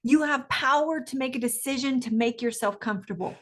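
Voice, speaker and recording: An energetic woman coach talks in a higher voice. Her delivery is emphatic and eager, with frequent laughter, as she speaks as a guest in an interview. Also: a little fast. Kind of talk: enthusiastic interview talk.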